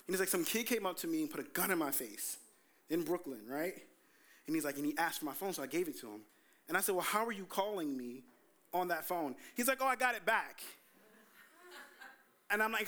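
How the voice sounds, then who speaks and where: A young adult man, preaching a sermon as pastor, telling stories animatedly and acting out quotes. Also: a little high. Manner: animated storytelling, quoting himself in voices.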